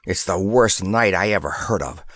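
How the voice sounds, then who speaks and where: A man voicing an excitable, blustering old soldier in a storybook reading, puffing out his exclamations. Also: deep voice, normal speed, no echo, clean studio sound, voice pushed down. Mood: bitter.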